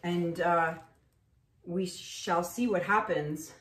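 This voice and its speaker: A woman's voice: on the low side, takes it slowly, a bit bright. Chatty woman in her 30s rambling while she paints, lots of ums, echoey room. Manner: chatty, rambling, with frequent fillers. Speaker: acrylic pour artist. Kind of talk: casual painting tutorial with storytelling.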